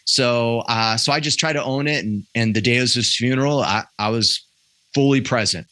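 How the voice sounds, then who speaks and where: A man's voice: mid-range voice, normal speed, bright, forceful tone, no echo. A man in his thirties, a podcast guest, telling personal stories candidly and earnestly, often restarting his sentences. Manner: earnest, self-correcting storyteller with frequent restarts. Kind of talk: candid conversational interview.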